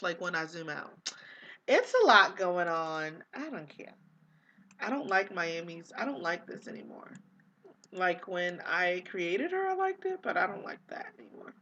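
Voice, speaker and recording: A woman's voice: medium pitch, a bit bright, slight background noise. A young woman casually commenting on her life-sim game, chatty and easily exasperated, with lots of fillers. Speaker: gaming vlogger.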